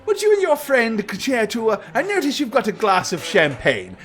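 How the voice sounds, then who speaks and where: A man voicing a self-assured, flirtatious aging gentleman in a tabletop game. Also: very high-pitched, huge pitch swings, normal speed, pitched above the performer's own voice, full character voice. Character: smug aging bald gentleman with monocle.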